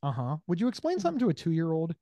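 A man speaking as an advocate in an interview, explaining with lively acted-out dialogue, often stumbling over first words and asking "right?". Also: on the high side, rapid-fire, no room sound. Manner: animated, acts out dialogue in changing voices; repeats words at starts, checks in with "right?". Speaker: bipolar disorder advocate. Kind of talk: conversational interview answers.

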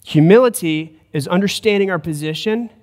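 A male pastor preaches with an earnest, emphatic delivery, his voice sitting a little higher than most men's. The sound rings with a long reverb, as in a church hall. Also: moderate pace, darkish tone. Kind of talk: sermon. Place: church sanctuary.

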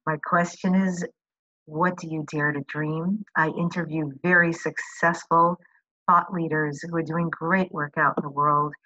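A woman podcast host with a bright, forceful tone and an effusive, encouraging way of talking. Her voice sits a little low, and the audio is dry and somewhat muffled. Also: steady tone, a little slow, no echo. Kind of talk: interview and show promo.

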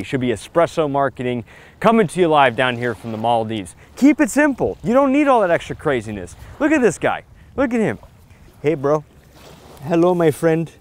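A man talking straight to camera on a beach in a punchy, emphatic vlog style, pitching marketing advice in short, hyped lines. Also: big pitch swings, normal speed. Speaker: marketing vlogger. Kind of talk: casual vlog talk to camera. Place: outdoors on a beach.

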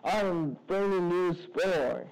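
High-voiced goofy male gamer. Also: slow, clean tone, low-quality recording. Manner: rambling, goofy, breaks into excited high-pitched yelps. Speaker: gaming commentator. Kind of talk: casual let's-play commentary. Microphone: low-quality microphone.

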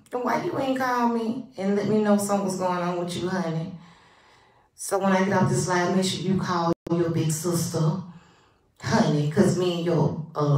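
A woman hosting a casual live stream, greeting her viewers by name with drawn-out, animated calls and dropping into soft asides. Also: fairly low pitch. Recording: roomy, distant from the mic.

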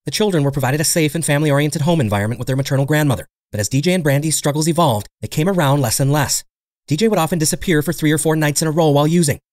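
Fast-paced male true crime narrator. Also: a little high, a little mellow, no echo, clean studio sound. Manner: brisk, measured storytelling. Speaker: podcast host and narrator.

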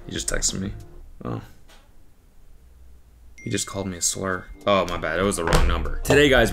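A man hosting comedic commentary, animated and exaggerated, swearing freely. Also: low-pitched. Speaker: comedy host.

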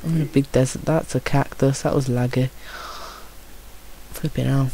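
A young man with a Birmingham accent, giving chatty, excitable and jokey commentary on his own gameplay. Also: medium pitch, moderate pace, vocal fry. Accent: Birmingham English. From Birmingham, England.

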